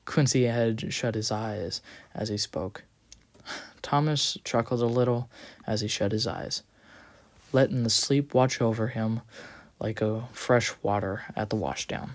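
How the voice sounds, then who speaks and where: A storyteller reading an audio story aloud, expressive with the odd small slip. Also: mid-range voice, a little slow, no room sound.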